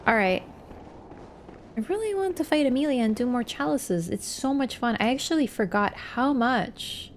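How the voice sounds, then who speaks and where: A woman's voice: mid-range voice, slight background noise. Chatty woman game streamer, casual swearing. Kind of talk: casual livestream chat.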